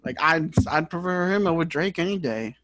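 A young adult man who raps, co-hosting a podcast and talking in a halting way, full of fillers and restarts. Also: fairly high pitch, animated, a bit bright, no room sound. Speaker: podcast co-host and rapper. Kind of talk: casual chat.

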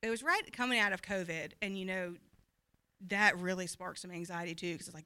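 A woman in her thirties giving a candid, earnest personal testimony to a church group, talking fast at times and laughing easily. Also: fairly low pitch, pushed and bright, smooth. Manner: open and earnest, quick when anxious, laughs easily. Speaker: pastor's wife sharing her story.

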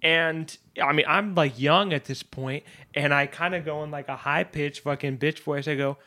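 A man co-hosting a podcast, telling a story in a lively, animated way with bursts of laughter. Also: fairly high pitch, normal speed, a little hiss or hum. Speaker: podcast co-host. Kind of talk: casual chat.

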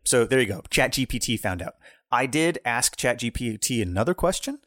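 Young male podcast co-host, chatty storyteller, lively pitch, dry close sound. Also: brisk, dry recording. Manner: animated, rambling storyteller. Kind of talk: casual chat.

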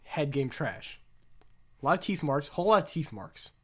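A man's voice: fairly high pitch, sing-song, normal speed. A man hosting a casual podcast, joking crudely and rambling with frequent restarts. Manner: rambling, joking, often trailing off. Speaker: podcast host.

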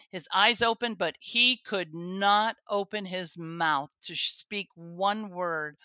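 A woman's voice: medium pitch, bright, forceful tone, no room sound. A woman, a guest on a faith show, telling her own story earnestly, with restarts and the odd laugh. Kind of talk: personal testimony interview.

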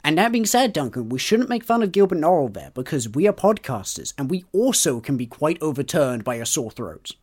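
A man talking casually on a book podcast, opinionated and eager. His voice sits a little higher than most men's. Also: very animated, brisk, few pauses, a little mellow, husky. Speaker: podcast co-host. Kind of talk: casual chat about a book.

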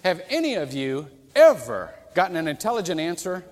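A man preaching a sermon as pastor, animated and humorous, acting out quoted voices as he goes. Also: a little high, normal speed. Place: church sanctuary. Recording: reverberant church hall.

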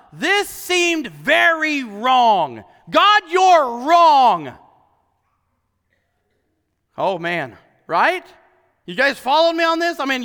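A male pastor preaching a sermon, animated and full of rhetorical questions to the congregation. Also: very high-pitched, long reverb tail.

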